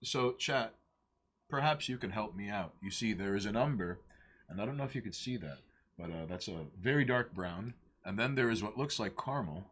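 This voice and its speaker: Bright-voiced joking man on a livestream. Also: on the low side, expressive, moderate pace, husky. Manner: joking, rambling, crude banter with chat. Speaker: livestream co-host. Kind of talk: casual livestream chat while painting.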